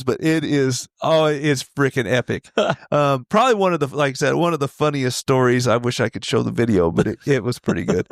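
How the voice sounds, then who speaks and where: A man in his forties, a podcast guest telling rodeo stories in a casual, animated way, laughing often and acting out the voices of the people in them. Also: medium pitch, brisk, no echo, studio quality. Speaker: podcast guest, retired steer wrestler. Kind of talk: casual storytelling.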